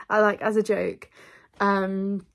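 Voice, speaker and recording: A young female vlogger chats casually to the camera in a loose, rambling way, laughing often as if talking to a friend. Her pitch is ordinary middle height for a woman, and her delivery is completely flat and slow, with a slightly bright tone.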